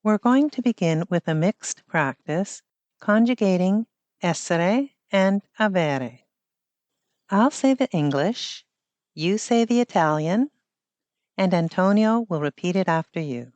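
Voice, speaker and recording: Woman podcast teacher, talks slow and kinda low, dry close sound, asks you questions as she goes. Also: expressive, a little mellow, dry recording, muffled recording. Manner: slow, clear, patient teaching with questions to the listener. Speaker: language teacher and podcast host. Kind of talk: scripted lesson narration.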